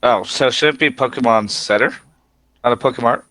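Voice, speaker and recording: A man's voice: medium pitch, a little fast, bright, forceful tone, no room sound. A man player in a tabletop game on a call, easygoing and upbeat. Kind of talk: casual play.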